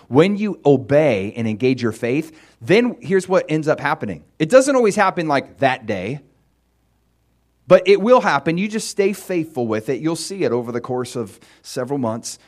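A man's voice: a little high, big pitch swings, moderate pace. A male pastor preaching a sermon in a conversational, storytelling way.

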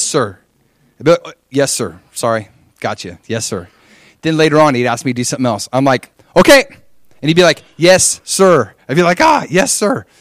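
A man from Hawaii gives his testimony in a sermon, acting out his younger self with lively shifts of voice. He throws in rhetorical questions as he goes. His voice sits at a middling pitch, and the recording is close and dry. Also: dry recording. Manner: animated storytelling with rhetorical questions. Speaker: preacher sharing his testimony.

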